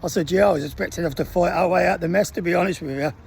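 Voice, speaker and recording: A man's voice: sits high, racing, gravelly, a little hiss or hum. A man in his sixties, a military veteran telling a casual anecdote and acting out the voices of the people in it. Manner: lively storyteller acting out the voices of others.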